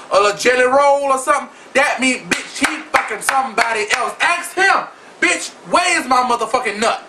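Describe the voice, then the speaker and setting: Sitting somewhat away from the microphone, a man vlogs about celebrity gossip with sass, flamboyance, and profanity, addressing his audience directly. His voice is very high and sharply bright. The low-quality recording carries a faint room hum.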